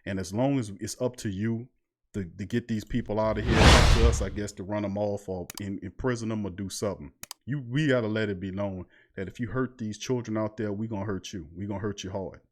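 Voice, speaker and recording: A man's voice: on the low side, fairly quick, background noise. A man hosting a live call-in sports show, talking in a casual, loose, fired-up way that repeats itself. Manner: fired-up, repetitive street talk; casual, loose delivery with restarts.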